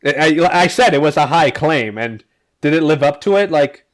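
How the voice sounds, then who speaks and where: A man's voice: on the high side, lively intonation, normal speed. A man hosting a casual podcast, recapping comics in a rambling, filler-heavy way with the odd swear. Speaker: podcast host.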